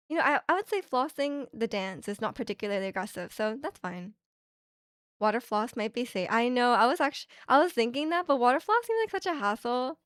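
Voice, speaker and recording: A woman's voice: on the high side, no room sound, clean studio sound. A young woman streaming from Canada, telling a rambling, chatty story full of fillers and restarts. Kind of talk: casual chat. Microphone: streaming microphone.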